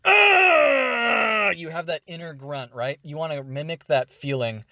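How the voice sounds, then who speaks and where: Energetic male tutor demonstrating techniques, dry close mic. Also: on the high side, moderate pace, dry recording. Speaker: voice acting teacher. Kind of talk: tutorial explanation.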